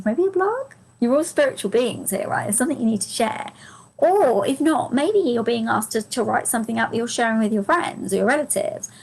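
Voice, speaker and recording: A woman's voice: a little high, a little mellow, rough recording. A woman giving a live angel card reading to viewers. She is chatty and gushing, laughs often, talks to viewers by name, and her voice is strained and fading.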